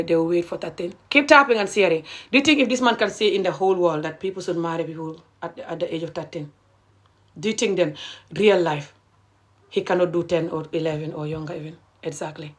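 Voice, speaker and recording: A middle-aged woman, ranting passionately and indignantly to viewers on a live stream, repeating her points. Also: lowish voice.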